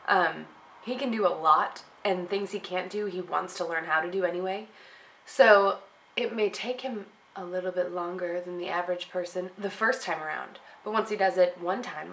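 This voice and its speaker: A rambling, chatty woman talking to her camera in a home office. Her lowish voice sounds thick and nasal, as if she is getting over a cold. A faint hum of outdoor ambience comes through open windows. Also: a bit bright, poor audio. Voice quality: deep and nasal. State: congested from a cold. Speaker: blogger. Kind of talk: casual rambling vlog chat.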